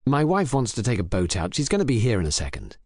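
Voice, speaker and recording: A man's voice: mid-range voice, wildly swooping pitch, quick pace, dry recording, studio quality. A man voicing a scheming English husband who talks with false politeness. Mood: falsely polite. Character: scheming English husband, middle-aged, cold.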